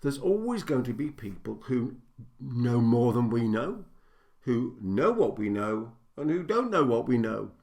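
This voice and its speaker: A man's voice: medium pitch, big pitch swings, a little slow, creaky, a little mellow. An older man, a business coach, giving a direct-to-camera teaching talk, stressing his points and building them in repeated lists.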